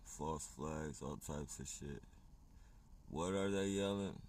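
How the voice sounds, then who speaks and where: A man's voice: rumbling low, slow pace, darkish tone, slight background noise. A man chatting casually on a livestream, rambling and swearing, often laughing as he talks.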